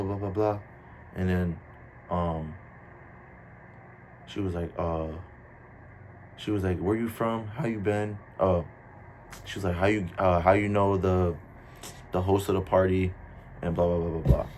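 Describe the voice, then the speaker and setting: A young man from New Jersey with a New Jersey accent, telling a casual storytime in slangy, animated talk. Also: deep voice, slight background noise.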